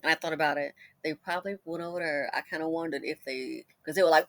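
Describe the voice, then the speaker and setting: Telling her own stories as a commentary host, a middle-aged woman keeps things loose, chatty and animated, talking a little fast and laughing easily. Her tone is bright and forward, with pitch that leaps around between phrases. It's recorded close and dry, with no room sound.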